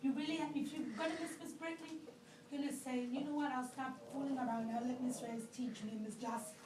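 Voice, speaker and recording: A high-pitched woman teacher speaks through tears, pleading and scolding her pupils in turn. She is picked up from far off in an echoey classroom. A faint hiss runs underneath. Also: steady tone, fast. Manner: tearful, pleading and scolding children. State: crying. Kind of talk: emotional classroom farewell speech.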